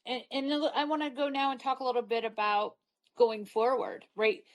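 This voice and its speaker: A woman's voice: on the high side, moderate pace, rough recording. A woman hosting a podcast, asking questions in a rambling, encouraging way with many fillers. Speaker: podcast host. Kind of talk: casual interview conversation.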